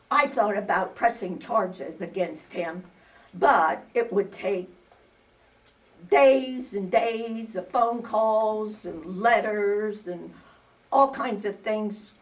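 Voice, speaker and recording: A woman's voice: fairly high pitch, fairly bright tone. An older woman performing a comic stage monologue as a cranky, easily enraged bag lady who rambles indignantly with sudden outbursts. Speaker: amateur stage actor. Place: community stage before an audience. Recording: distant stage recording.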